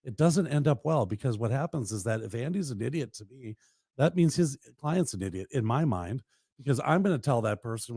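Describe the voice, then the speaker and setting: A Minnesota man co-hosting a real estate radio show, with a warm, mellow voice that has some gravel in it. He talks in an easygoing, agreeable way and often trails off. The studio sound is dry. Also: medium pitch, lively intonation, a little fast, no room sound. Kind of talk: casual studio chat.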